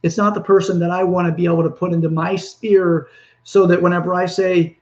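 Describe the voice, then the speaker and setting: A man's voice: sits high, flat delivery, fairly quick, muffled recording. A man hosting a self-help talk, speaking earnestly in a rambling monologue with frequent restarts. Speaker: podcast host. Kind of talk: motivational monologue.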